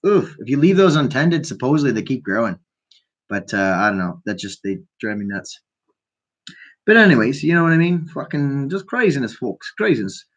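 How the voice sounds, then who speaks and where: A man's voice: medium pitch, sing-song, moderate pace, highs cut off. A man from Canada hosting his own show, ranting in a profane, rambling monologue about conspiracies. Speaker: host.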